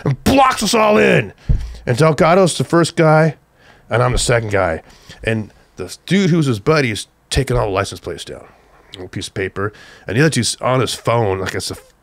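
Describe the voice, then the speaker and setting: An older man from Southern California, a guest telling an excited, profane story, acting out the shouts of the people in it. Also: medium pitch, brisk, dry recording. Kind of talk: animated storytelling on a podcast.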